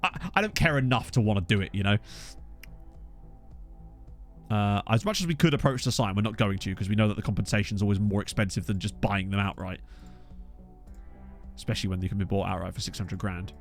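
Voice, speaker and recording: A man in casual let's-play commentary, chatty and self-mocking as he thinks out loud at a desk microphone. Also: on the low side, quick pace, faint music behind. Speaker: gaming YouTuber. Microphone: USB desk microphone.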